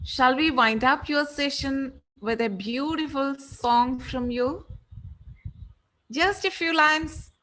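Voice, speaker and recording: A woman's voice: high-pitched, sharp tone, rough recording. A woman politely moderating an online session and inviting questions. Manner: polite, slow, courteous.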